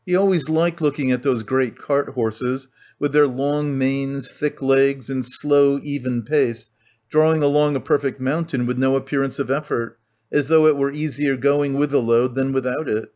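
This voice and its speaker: A man reading a classic novel aloud as an audiobook narrator, in a measured storytelling manner. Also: mid-range voice, steady tone, darkish tone. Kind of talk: scripted narration. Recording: muffled lo-fi audio.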